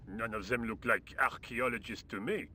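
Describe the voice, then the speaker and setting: A man's voice: medium pitch, moderate pace, bright, forceful tone, a little hiss or hum. An idle, bored French workman. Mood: indifferent. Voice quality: drawling, sardonic. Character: lazy French workman, chain-smoking and indifferent.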